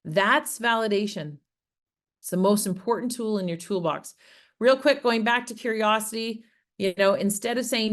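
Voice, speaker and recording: A woman with a medium-pitched voice speaking at normal speed presents an interactive online workshop on farmer wellbeing in Prince Edward Island, Canada. She keeps it engaging, asking the audience questions and acting out example phrases.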